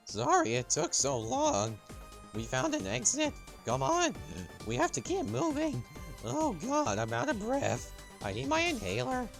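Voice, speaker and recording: A frightened teenage girl gasps for air in a horror game, her voice pushed high and urgent, as a man puts her on. She pants through every line, hurried and scared. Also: wildly swooping pitch, creaky, soft background music, full character voice. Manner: urgent, panting.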